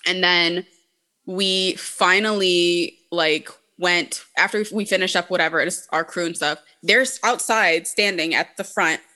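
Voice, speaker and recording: Bright-voiced woman telling blunt stories. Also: on the low side, measured pace. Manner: blunt and profane, heavy use of "like". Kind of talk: casual chat, storytelling.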